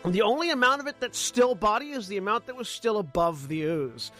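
Give me a laid-back man as game master, a bit high-voiced, faint music behind. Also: expressive, brisk, fairly bright tone. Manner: laid-back, plain-spoken rulings. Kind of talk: narrating a tabletop game.

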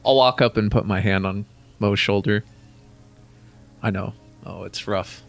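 A man's voice: on the low side, fairly even intonation, a little slow, gravelly, soft background music. A man playing a tabletop game, speaking in a casual, sympathetic way. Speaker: player. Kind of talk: in-character tabletop play.

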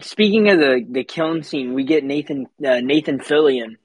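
A man's voice: mid-range voice, expressive, moderate pace, breathy edge, no echo. A man co-hosting a podcast, chatting casually and sounding incredulous about an actor's voice. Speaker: podcast co-host. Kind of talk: casual movie discussion.

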